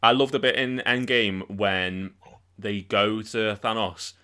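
A man's voice: on the low side, slow pace, bright, forceful tone, clear, resonant tone. A young man co-hosting a casual podcast chat, upbeat and leading the questions. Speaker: podcast co-host.

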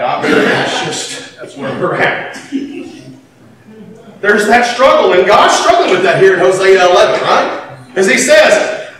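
A man preaching a sermon, animated, swinging from quiet to shouting and laughing between lines. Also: high voice, a little slow. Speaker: pastor. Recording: echoey hall from far off, faint background noise.

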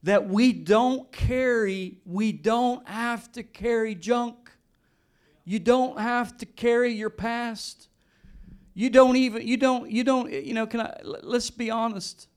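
A middle-aged male pastor preaching a sermon in an earnest, animated way, often repeating and restarting his words. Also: extremely high pitch, takes it slowly, clear, resonant tone.

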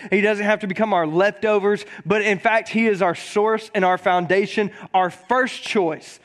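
Male pastor, slightly high voice, chatty joking sermon with stumbles and repeats. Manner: conversational and joking, repeats words; reads scripture slowly and deliberately.

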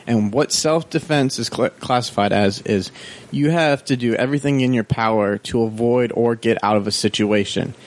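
A man chatting on a podcast, speaking at a medium pitch into a microphone. He rambles through his story and over-explains points. His delivery stays animated and casual. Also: moderate pace.

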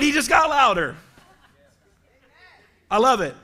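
A man preaching an impassioned sermon as pastor, rising often to shouts. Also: sits high, moderate pace.

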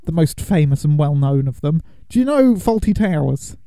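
A young man hosting a film podcast in a relaxed, chatty way, laughing now and then as he explains. His voice sits somewhat high for a man but sounds very dark and mellow in tone. The sound is close and dry, with no room echo. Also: moderate pace, clean tone. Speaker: podcast host. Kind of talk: casual chat.

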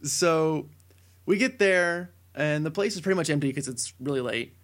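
A young man co-hosting a casual podcast, telling a long story with many fillers that builds to excited shouting. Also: fairly high pitch, normal speed. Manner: rambling tall tale, building to excited shouting. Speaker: podcast co-host.

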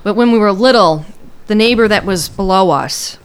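A woman's voice: medium pitch, moderate pace, clear, resonant tone. A woman co-hosting a podcast, chatting casually and telling a story in a teasing, talkative way. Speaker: podcast co-host. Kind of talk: casual chat.

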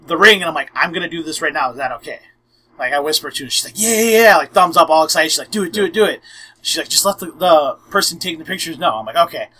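Bright-voiced young man telling a story. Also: a little high, low-quality recording. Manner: animated, acts out quotes, frequent "I'm like". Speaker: podcast host. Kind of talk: casual storytelling chat.

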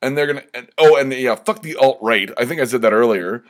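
A man's voice: mid-range voice, fast talker. A young man hosting his own podcast alone, rambling and swearing, tipsy and stammering as he gets worked up. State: slightly tipsy from drinking shots. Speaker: podcast host. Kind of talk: casual solo podcast monologue.

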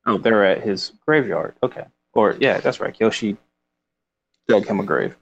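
A man's voice: fairly low pitch, animated, moderate pace, vocal fry, slightly rough, highs cut off. A man casually discussing a book, reading passages aloud and rambling with laughs. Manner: rambling, with frequent fillers and laughs.

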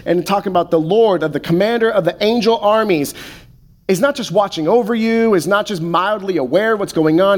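Preaching man, soft deliberate pauses. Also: sits high. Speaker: pastor. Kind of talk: sermon.

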